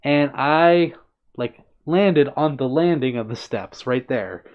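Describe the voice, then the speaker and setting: A man's voice: medium pitch, slow. Chatty man on a live stream. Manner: chatty and upbeat, greets viewers by name. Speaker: livestream host reading chat. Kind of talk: casual live-stream chat. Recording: dull lo-fi stream audio.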